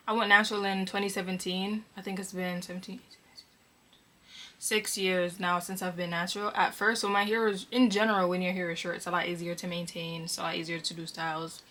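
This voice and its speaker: A young woman from Connecticut, chatting casually as she answers viewer questions for her vlog, relaxed and filled with ums. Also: lowish voice. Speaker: vlogger. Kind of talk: casual Q&A chat.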